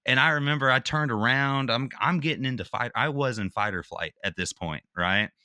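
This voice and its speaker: A man's voice: medium pitch, fairly quick, no echo, clean studio sound. A man, a military veteran guest, telling a personal story in casual talk. He acts out the other people's lines and drops "dude" and "bro" as he goes. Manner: animated retelling, acts out quotes, slangy with "dude" and "bro".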